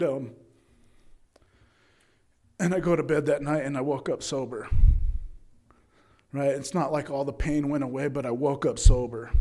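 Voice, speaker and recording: A man's voice: mid-range voice, a little mellow. A man from Utah giving a candid, rambling talk about his recovery at a meeting, checking in often with his listeners. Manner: candid, rambling, frequent "right?" and "you know". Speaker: AA meeting speaker. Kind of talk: personal recovery story told to an audience. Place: AA speaker meeting.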